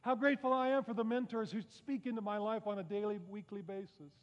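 A man's voice: sits high, fairly even intonation, fast. A man preaching a sermon, talking conversationally with rhetorical questions and self-deprecating asides. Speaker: pastor. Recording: muffled sound with long reverb in a large hall.

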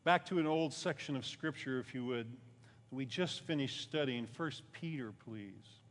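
Preaching man in a reverberant hall. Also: normal speed. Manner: conversational preaching, rising for emphasis then dropping low. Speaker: pastor. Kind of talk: sermon.

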